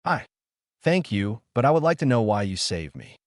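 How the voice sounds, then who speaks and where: A man voicing a hot-headed young boy ninja who rants and yells. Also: mid-range voice, big pitch swings, moderate pace, no echo, studio quality, lightly acted. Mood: wary. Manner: ranting, yelling.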